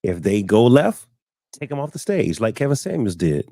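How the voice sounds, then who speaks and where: A man with a lowish, dark and mellow voice hosts a casual live-stream talk show. He tells stories by acting out what other people said, often repeating a word or two as he gathers his thoughts. The sound is close and dry. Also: sing-song, normal speed, no room sound. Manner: storytelling, acting out quoted people; repeats words while finding his thought.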